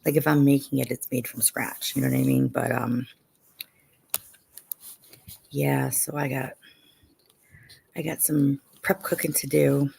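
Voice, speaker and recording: A woman's voice: a bass voice, little pitch movement, a little slow, gravelly, pauses often, mellow, breathy edge. A middle-aged woman hosting a live stream, chatting casually with viewers and often saying "you know".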